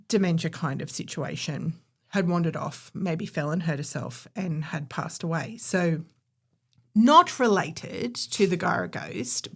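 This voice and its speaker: A woman recounts a local history story to her co-host in a relaxed, conversational way. Her voice sits low and has a gravelly fry running through it. She sounds opinionated and chatty. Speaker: podcast co-host. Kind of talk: casual storytelling chat.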